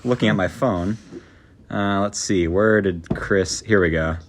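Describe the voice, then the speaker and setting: A man's voice: sits low, unhurried, noisy background. A young man hosting a podcast, retelling a story in casual chat with rambling restarts. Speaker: podcast host.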